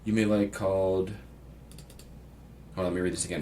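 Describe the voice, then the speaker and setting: A man from Pittsburgh talks through a screen-share tutorial in a low, easygoing voice, thinking aloud and reading template text aloud as he goes. The mic sits a little far from him. A faint background hiss runs under the speech. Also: steady tone, moderate pace, mellow. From Pittsburgh, United States. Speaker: real estate agent giving a software tutorial. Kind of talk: casual screen-share walkthrough. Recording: slightly distant mic with faint background noise.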